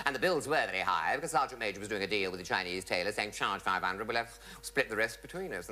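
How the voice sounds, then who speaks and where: Man, middle-aged, flamboyant raconteur, bright, animated. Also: mid-range voice, low-quality recording. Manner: flamboyant, mimicking voices. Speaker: comic raconteur. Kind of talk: theatrical stage anecdote.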